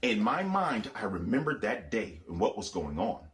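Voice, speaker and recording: A man's voice: fairly low pitch, very animated, moderate pace, fairly bright tone. A man giving a spoken religious testimony, telling his story emphatically and repeating phrases as he acts out the voices he quotes. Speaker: Christian testifier.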